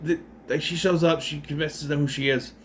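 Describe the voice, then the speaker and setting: A man's voice: fairly high pitch, steady tone, normal speed, a bit bright, slight background noise. A man giving a casual spoken movie recap, rambling and correcting himself, with sarcastic asides. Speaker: movie reviewer.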